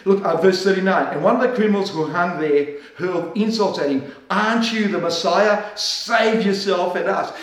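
Guy preaching a sermon, fairly high voice, heard from a way off in a big echoey church, drags out the big lines. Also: far from the mic. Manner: preaching with dramatic pauses, slowing right down on key lines; acts out the voices of people in scripture. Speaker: pastor.

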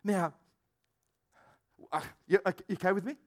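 A man preaching a sermon as pastor, animated, acting out quoted voices and swinging between shouted lines and low asides. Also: moderate pace.

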